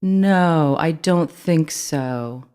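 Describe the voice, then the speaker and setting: A storybook reader voicing a big male rat villain who speaks calmly and slowly, taunting his prey. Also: mid-range voice, clear, resonant tone, natural voice. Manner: calm, drawn-out, taunting.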